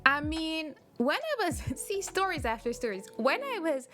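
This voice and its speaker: High-voiced woman chatting on stream. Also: sing-song, measured pace, pushed and bright. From Canada. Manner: chatty, answers viewers' questions, laughs often. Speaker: live streamer. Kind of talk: casual live-stream chat. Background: background music.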